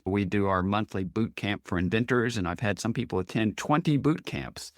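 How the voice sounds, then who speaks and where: Guy hosting a podcast, kinda low voice, earnest and encouraging, dry close sound. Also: moderate pace, no echo. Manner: earnest, encouraging, sums up the guest's points. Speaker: podcast host. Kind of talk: casual interview chat.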